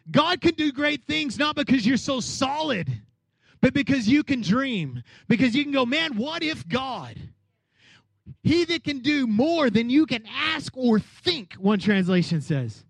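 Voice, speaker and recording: A man preaching a lively sermon as pastor, calling on the congregation to answer back and acting out the voices of people in the story. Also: very high-pitched, no room sound. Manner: energetic preaching with call-and-response.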